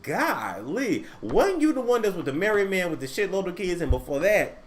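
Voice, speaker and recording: A man's voice: sits high, sing-song, fairly quick. A man hosting a casual gossip show, who talks straight to the camera and the live chat and teases people in blunt, crude words. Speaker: host.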